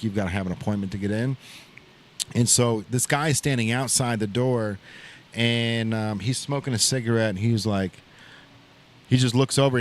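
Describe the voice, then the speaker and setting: A man's voice: on the low side, slight background noise. A man hosting a podcast, telling a long casual story in a rambling way, full of "like" and "bro", recorded in an open shop. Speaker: podcast host. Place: open shop at a riverside shopping center.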